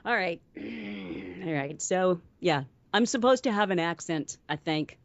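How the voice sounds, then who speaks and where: A woman's voice: fairly low pitch, animated, takes it slowly, gravelly, no room sound. A woman co-hosting a casual podcast, giggly and self-deprecating. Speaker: podcast co-host. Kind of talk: casual chat. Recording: dry dull lo-fi audio.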